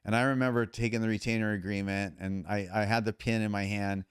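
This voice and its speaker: Low, smooth-voiced man telling his story. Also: fast, no room sound, studio quality. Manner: emphatic, animated retelling with quoted dialogue. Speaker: podcast guest. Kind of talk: storytelling in conversation.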